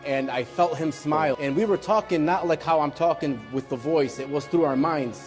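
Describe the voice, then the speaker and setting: A man in his forties giving an emotional personal testimony in a church, earnest and intense, his voice rising high in urgent moments. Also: moderate pace, faint music behind. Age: 40s.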